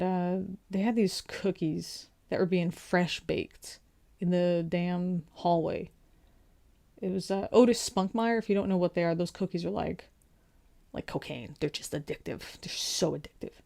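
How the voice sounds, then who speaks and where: A woman's voice: on the low side, darkish tone. A young adult woman, a veteran, telling a story in a casual rant, exasperated and sarcastic, full of rhetorical questions.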